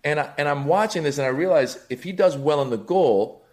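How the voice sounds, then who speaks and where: A man's voice: a little high, brisk. A middle-aged man, a comedian guest, telling comic stories on a podcast and acting out the voices of the people in them. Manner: animated, acts out voices, rising excitement.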